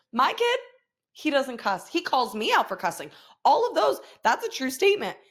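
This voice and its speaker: A woman's voice: high voice, sing-song, moderate pace. A woman in her thirties hosting a podcast, chatting frankly with frequent swearing and laughter. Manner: frank, profane, laughs often. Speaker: podcast host. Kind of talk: casual confessional chat.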